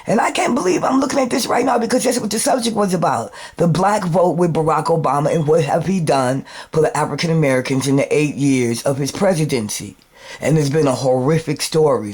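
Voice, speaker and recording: A man hosting his own video show, ranting in a rambling, emphatic, profane monologue that swings between loud outbursts and subdued asides. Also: a little high. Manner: repeats words and restarts often. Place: New York.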